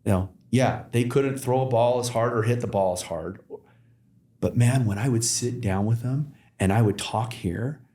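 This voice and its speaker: A man's voice: mid-range voice, moderate pace, dark tone. A man talking as a podcast guest, telling stories in a rambling way with many fillers and restarts. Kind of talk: casual conversation. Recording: roomy echo.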